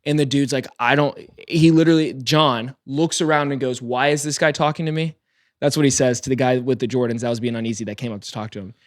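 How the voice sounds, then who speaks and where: A young man co-hosting a podcast, telling a story with gusto and slipping into the voices of the people in it. His voice sits at an ordinary middle pitch. The sound is dry and close, with no room around it. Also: fast talker, few pauses, no room sound. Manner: animated storyteller, acts out quoted people. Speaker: podcast co-host. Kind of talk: casual storytelling chat.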